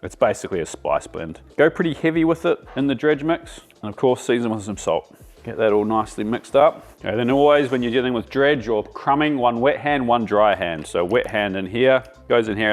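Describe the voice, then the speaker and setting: A man's voice: mid-range voice, animated, a little fast, faint music behind. An Australian man hosting a casual cooking demonstration, chatty and enthusiastic as he talks while he cooks. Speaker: cooking show host.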